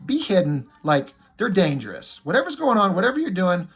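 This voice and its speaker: A man's voice: high voice, big pitch swings, brisk, slightly rough, exaggerated voice. A man voicing a cocky, sarcastic male prisoner antihero who flirts.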